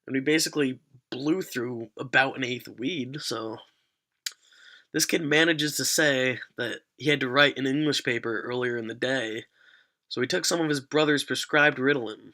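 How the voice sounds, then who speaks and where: A man's voice: medium pitch, pushed and bright. A young man vlogger telling a rambling, profane story in a casual storytelling vlog.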